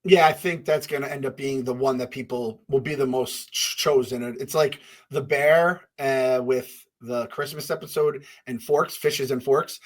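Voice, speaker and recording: A man's voice: mid-range voice, fairly even intonation, normal speed, hardly any pauses. Man, podcast co-host, casual chat, rambling, self-correcting.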